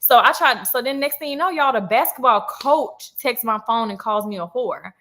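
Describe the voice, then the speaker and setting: Speaking at a normal speed with a voice on the high side, a twentysomething livestreamer shares a story from her life in a loose, lively way, tossing slang and asides at her audience.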